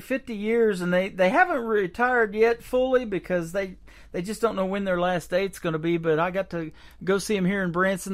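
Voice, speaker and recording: A man hosting a country radio show, chatting upbeat and easygoing with his guest. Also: sits high. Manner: upbeat and chatty, with filler words. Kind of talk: casual radio interview chat.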